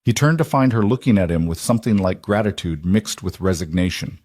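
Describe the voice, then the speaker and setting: A man narrating a dramatic western romance story in a measured voice. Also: sits low, lively intonation, a little mellow, no echo, clean studio sound. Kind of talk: scripted audiobook narration.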